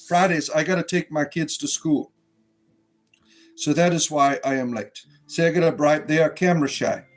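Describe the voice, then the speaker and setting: A man hosting a casual livestream from a room at home, rambling and coaxing his pets in a soft doting tone, recorded on a phone. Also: fairly high pitch, low-quality recording. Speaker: livestream host.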